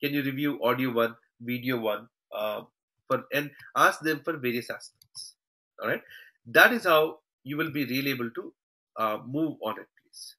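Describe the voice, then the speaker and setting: A man's voice: mid-range voice, normal speed, pushed and bright, low-quality recording. A man teaching a live online class over a shared screen, calling his students "team" and tagging his points with "okay" and "all right". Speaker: online trainer.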